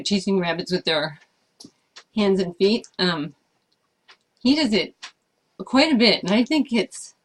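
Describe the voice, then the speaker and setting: A woman chatting casually as she answers viewer questions about life with her service dog, thoughtful and hesitant, with frequent fillers. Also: fairly low pitch. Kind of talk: casual Q&A chat.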